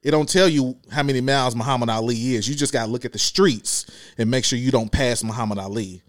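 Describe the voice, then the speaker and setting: A man who drives a school bus, chatting casually on a podcast and acting out scenes with quick voiced asides. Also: medium pitch, dry recording. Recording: dry close mic.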